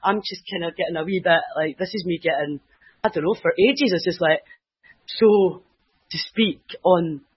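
High-voiced giggly Scottish man. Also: normal speed, slightly rough. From Scotland. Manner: nervous, giggly, talks in bursts. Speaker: guest. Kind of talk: casual call-in chat. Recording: dull lo-fi online call.

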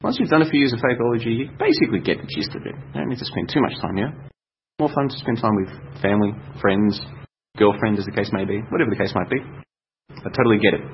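A young Australian man talks on his own show in a loose, rambling way, circling back on his points with plenty of fillers. His voice sits a little low. The recording is dull and lo-fi, with a faint hiss behind him. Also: lively intonation, quick pace. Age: young adult. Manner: rambling, chatty, thinks aloud with fillers. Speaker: podcast host. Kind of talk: casual solo talk. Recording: dull lo-fi sound with faint noise.

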